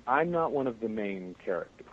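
Lively low-voiced man, muffled recording. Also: a little fast, a crowd in the background. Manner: animated, laughing storyteller. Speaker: voice actor guest. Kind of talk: casual interview chat. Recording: muffled podcast audio with faint noise.

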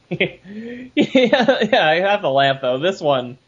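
A man's voice: high-pitched, big pitch swings, slow pace, slightly rough. A man co-hosting a podcast in casual chat, blunt and laughing often. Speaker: podcast co-host. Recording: dull lo-fi podcast audio.

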